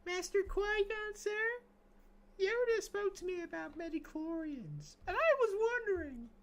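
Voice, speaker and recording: A man's voice: extremely high pitch, lively intonation, unhurried, voice pushed up, exaggerated voice. A man doing an impression of an earnest, curious young boy. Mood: eager.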